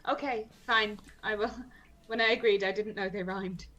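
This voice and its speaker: A woman's voice: medium pitch, steady tone, normal speed, fairly bright tone, lo-fi sound, a little hiss or hum. A woman playing a tabletop game, chatting casually and playfully. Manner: playful, questioning. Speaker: player.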